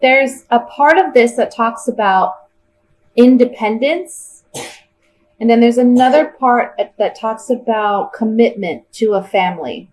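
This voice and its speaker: A woman's voice: on the high side, unhurried, a little mellow, rough recording. A woman giving a tarot reading in a casual, chatty way, thinking aloud as she turns the cards. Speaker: tarot reader.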